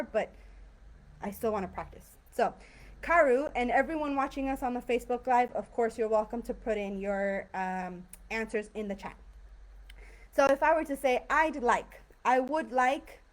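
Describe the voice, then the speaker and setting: A woman teaching English grammar in a live online class, explaining patiently and acting out example sentences in different tones. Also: fairly high pitch. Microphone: video call.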